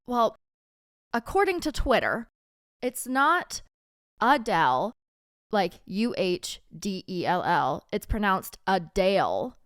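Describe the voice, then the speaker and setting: A woman co-hosting a casual chat podcast, talking fast with quick asides and frequent laughs. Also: medium pitch, big pitch swings, fairly bright tone, smooth, dry recording, studio quality. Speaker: podcast co-host.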